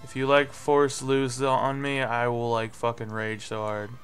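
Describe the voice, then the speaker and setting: A young man doing live gameplay commentary, swearing and getting frustrated, with sudden yelling bursts. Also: medium pitch, monotone, a little slow. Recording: faint music behind.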